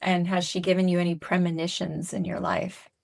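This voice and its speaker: A woman hosting a podcast and asking reflective, gentle interview questions. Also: lowish voice, little pitch movement, fairly quick, creaky. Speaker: podcast host.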